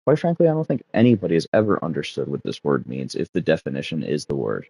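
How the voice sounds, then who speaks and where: A man's voice: rumbling low, big pitch swings, fast, vocal fry, warm tone, husky, dry recording. A man hosting a gaming session, rambling and ranting with casual profanity as he chats with a friend. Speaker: gaming channel host.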